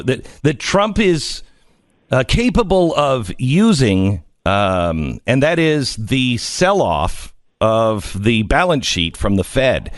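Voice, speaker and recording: A man's voice: medium pitch, dry recording, studio quality. A man hosting a talk radio show, chatting animatedly and stumbling over restarts. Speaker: radio host. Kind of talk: casual talk radio chat.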